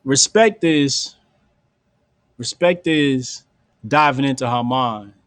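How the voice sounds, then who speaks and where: A man hosting a casual podcast, talking bluntly in slang and acting out quick bits of dialogue. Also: medium pitch, a bit bright, no room sound. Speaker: podcast host.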